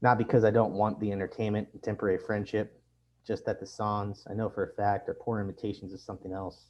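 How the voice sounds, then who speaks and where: A man reads his own fiction aloud in a measured, deadpan way. His voice sits low and sounds dark and mellow. The lo-fi recording sounds dull. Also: a little hiss or hum. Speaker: author reading his fiction. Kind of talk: literary reading.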